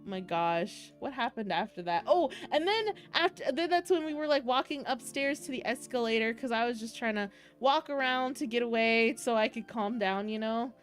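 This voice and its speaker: A woman's voice: a little high, expressive, moderate pace, hardly any pauses, faint music behind. A young woman streaming casually to her chat, recounting a meetup in an emotional, rambling way, often close to tears and laughing. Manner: emotional, giggly, tearful, rambling with restarts.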